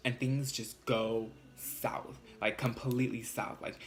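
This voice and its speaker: Young guy vlogger, sassy and blunt, mid-pitched voice, casual storytime delivery. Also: takes it slowly. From California. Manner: animated, sassy, swears freely.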